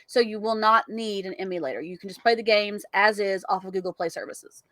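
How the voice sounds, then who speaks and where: A woman's voice: medium pitch, a little fast, bright, forceful tone, no room sound. A woman co-hosting a casual gaming podcast, laughing often as she chats and reads out news items. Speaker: podcast co-host. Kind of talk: casual chat reading news.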